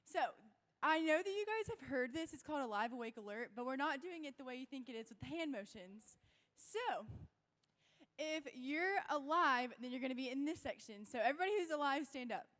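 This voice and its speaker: Bubbly high-voiced young woman. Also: animated, fairly quick. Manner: bubbly, shouting cheers. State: sore voice. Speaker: youth game leader. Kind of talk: leading a crowd game. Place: church youth event.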